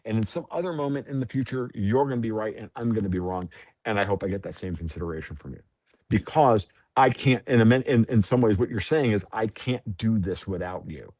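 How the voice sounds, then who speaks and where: A man's voice: fairly low pitch, lively intonation, fast talker, darkish tone, dry recording. Guy on a podcast, blunt, swears a bit, rambles through ideas, dry sound. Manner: blunt, profane, freewheeling explaining. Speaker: podcast guest. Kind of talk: casual interview chat.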